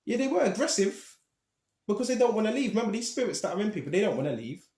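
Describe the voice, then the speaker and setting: A man preaching a Bible teaching, animated and emphatic, talking straight to his listeners. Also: high voice, quick pace, reverberant.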